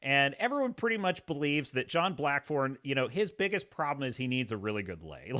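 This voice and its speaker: Guy hosting a live show review, bright voice, animated retelling with little character bits. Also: medium pitch, fairly quick, hardly any pauses. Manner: animated storytelling, acts out characters' lines. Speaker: host.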